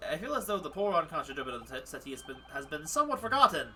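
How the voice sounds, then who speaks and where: A man's voice: on the high side, very animated, rapid-fire, pushed and bright, slightly rough, distant mic, exaggerated voice. A man hamming up a pompous showy detective. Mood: grandiose. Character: flamboyant theatrical male consulting detective, grandiose. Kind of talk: voicing game dialogue on a stream.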